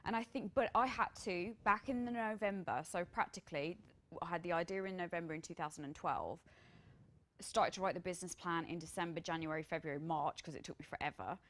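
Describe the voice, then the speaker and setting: A woman's voice: on the low side, a little fast, fairly bright tone. A woman entrepreneur chatting casually and enthusiastically about building her business. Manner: enthusiastic, rambling with fillers. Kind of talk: casual chat.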